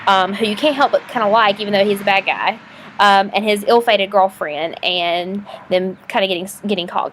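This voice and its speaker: A woman teacher explaining a lesson for a recorded video in a casual, chatty way, often pausing with fillers and restarting her sentences. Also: mid-range voice, fairly bright tone, a little hiss or hum. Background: passing trucks.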